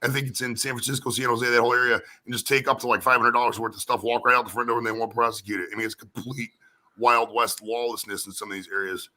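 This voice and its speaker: Fast, bright-voiced American man chatting. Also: mid-range voice, little pitch movement. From United States. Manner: rambling, repeats words, says "man" a lot. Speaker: co-host. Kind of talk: casual live-stream chat.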